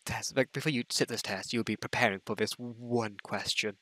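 Bright-voiced teasing man. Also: fairly low pitch, steady tone, no room sound. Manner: teasing, quick to crack up. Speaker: co-host interviewing a friend's dating matches. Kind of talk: casual banter on a video call.

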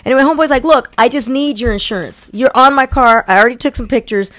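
A woman co-hosting a casual talk show, telling an animated story and acting out the people in it. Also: on the high side, fast, no echo. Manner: animated, acts out quotes. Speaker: co-host.

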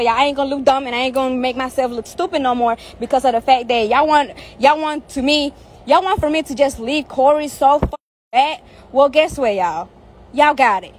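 A woman with a high voice speaks from outdoors. She is venting at her followers, swearing often and repeating her points in a heated, cursing tirade. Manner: heated, profane, repetitive. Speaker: social media personality. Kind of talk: angry rant to followers.

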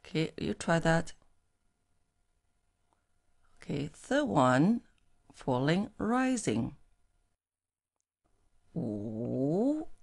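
Slow, gravelly Chinese woman teacher. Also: sits low, very animated. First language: Mandarin Chinese. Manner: slow, clearly modelled syllables. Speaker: Mandarin teacher. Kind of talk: language lesson with tone drills.

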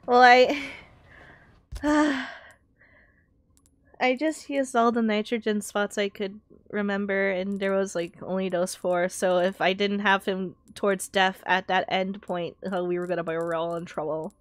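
A woman live-streaming a video game, chatting casually and excitably, swearing and talking to herself. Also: mid-range voice, normal speed, dry recording.

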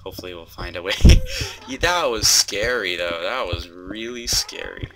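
Excitable young man with a lowish voice. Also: moderate pace. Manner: excitable, frequent startled exclamations. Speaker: host. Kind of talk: gameplay commentary.

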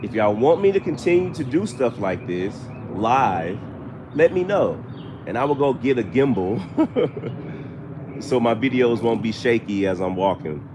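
A man's voice: mid-range voice, moderate pace. A man chats through a live stream as he walks outdoors, his voice swinging up and down as he greets viewers and reads their comments. It is captured on a handheld phone, with faint traffic drifting in behind him. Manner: animated, chatty, shout-outs to viewers. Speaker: paranormal show host, live streamer. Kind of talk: casual live-stream chat. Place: outdoors in a cemetery. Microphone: handheld phone camera.

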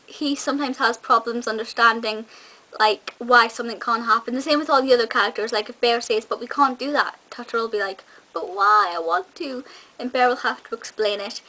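A woman's voice: a little high, bright, forceful tone, low-quality recording. A young woman chatting enthusiastically to camera in a casual review, with frequent ums and restarts. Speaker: video reviewer.

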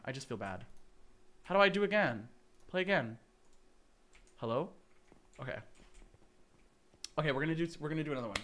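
A young man streaming a game with casual chatter, excitable with dramatic reactions and playful teasing. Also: sits high, measured pace, pauses often.

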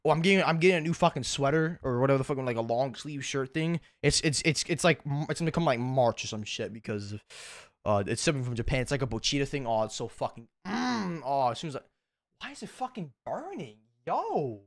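A man's voice: medium pitch, animated, fast, dry recording, clean studio sound. A tired young man chatting casually in an unedited vlog, rambling, self-deprecating and cussing a lot, recorded at home on a desk mic. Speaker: YouTuber.

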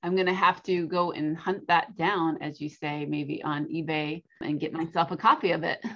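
A woman's voice: sits low, fairly even intonation, moderate pace, fairly bright tone. Woman host on a dull lo-fi line. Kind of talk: casual interview chat. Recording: dull lo-fi sound.

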